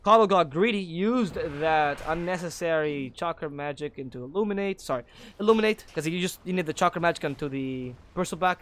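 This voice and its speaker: Male solo esports caster, rapid and slightly high-pitched, opinionated with frequent self-corrections. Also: slight background noise. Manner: opinionated, drifts into critical rants. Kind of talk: solo play-by-play commentary.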